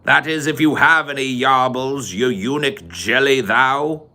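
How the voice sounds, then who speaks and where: A man playing a mocking young male thug, drawling old-fashioned taunts in a slow sing-song. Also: medium pitch, sharp tone, pitched above the performer's own voice. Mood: mocking menace.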